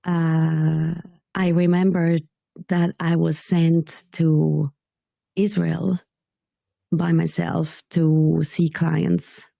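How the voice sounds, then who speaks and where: A woman from Switzerland, a podcast guest telling her story in a slow, measured way that sometimes drops to a whisper. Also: low-pitched, flat delivery, creaky, dark tone, dry recording.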